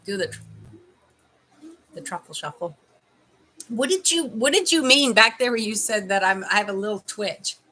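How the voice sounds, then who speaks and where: A woman's voice: mid-range voice, expressive, moderate pace, pauses often, pushed and bright, rough recording. A middle-aged woman from Canada doing a casual livestream as a life coach, chatting with viewers while tasting candies and giving advice.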